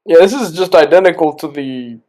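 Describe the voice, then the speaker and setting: A man's voice: fairly high pitch, animated, a little fast, a little mellow, low-quality recording. A tipsy man co-hosting a movie watch-along, rambling and trailing off between laughs in casual commentary.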